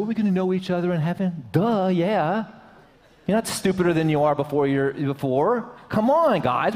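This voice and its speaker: A man's voice: sits high, big-room sound. A man preaching a sermon to his church, in a joking, conversational way. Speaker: pastor. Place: church sanctuary.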